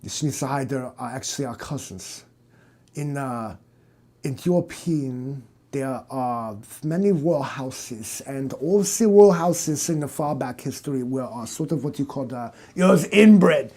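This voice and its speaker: A man's voice: mid-range voice, unhurried, warm tone. A man voicing a pompous, middle-aged German psychoanalyst with a German accent, who speaks in a stiff, formal and fussy way. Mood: lecturing.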